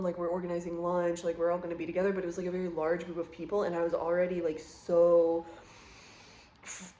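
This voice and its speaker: A woman's voice: lowish voice, darkish tone, roomy sound. A woman in her thirties telling a personal story to camera in a chatty, emotional way, full of "like". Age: 30s. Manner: chatty, emotional, heavy use of "like". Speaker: vlogger.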